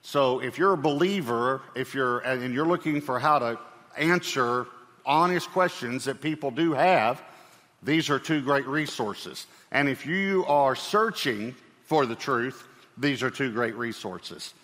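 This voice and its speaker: Pastor preaching in a reverberant hall. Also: male voice, fairly high pitch, bright, forceful tone. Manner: conversational, with fillers and light humor. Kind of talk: sermon.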